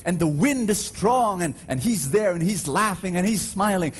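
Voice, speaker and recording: Faint music plays behind a preacher at Mass whose voice sits high with lively intonation. Addressing a large church, he's emphatic and calls to the congregation in call-and-response, stretching his stories slowly toward dramatic rises.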